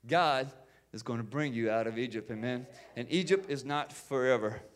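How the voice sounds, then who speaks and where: A pastor preaching a sermon, building in fervor, with repeated words and calls of amen. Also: male voice, medium pitch, normal speed, slight background noise.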